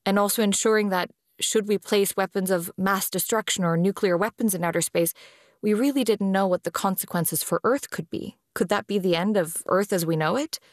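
A woman speaking as a space law official in an interview, explaining in a deliberate way with pauses between phrases. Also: mid-range voice, no echo, clean studio sound. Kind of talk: measured explanatory interview talk. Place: based in Vienna.

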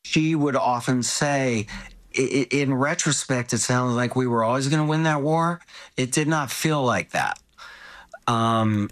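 An older man with a medium-pitched, slightly bright voice tells family stories conversationally. He is reflective and rambling, full of asides and restarts.

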